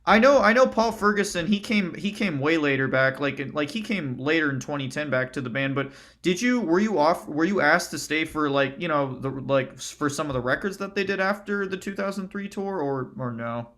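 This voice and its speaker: A male interviewer asks casual questions, often repeating words as he starts. His voice sits a little higher than most men's. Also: animated, fairly quick, few pauses, fairly bright tone. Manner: stammering questions with repeated words, brief acknowledgments.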